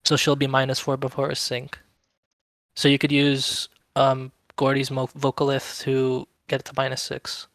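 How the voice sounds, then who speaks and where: A man's voice: mid-range voice, monotone, moderate pace, fairly bright tone, no room sound. A man speaking as a guest on a casual gaming podcast, often chiming in to agree.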